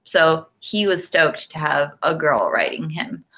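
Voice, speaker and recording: A woman's voice: sits low, animated, a little slow, a bit bright. Giggly woman podcast co-host. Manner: giggly, lots of "like" fillers. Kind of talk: casual chat.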